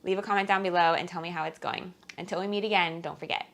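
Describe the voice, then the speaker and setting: A woman's voice: fairly low pitch, fairly even intonation, fast talker, a bit bright. A woman vlogger chatting casually to viewers while working in her home kitchen. She rambles, fills her talk with "like" and "um", and laughs between phrases. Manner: chatty and rambling, heavy use of "like" and "um". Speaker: frugal-living vlogger.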